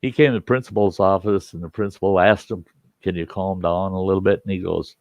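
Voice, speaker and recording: Gravelly low-voiced older storyteller man. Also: steady tone, brisk, no echo. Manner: folksy, acts out quoted voices. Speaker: storyteller host. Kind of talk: casual spoken storytelling. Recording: dull lo-fi recording.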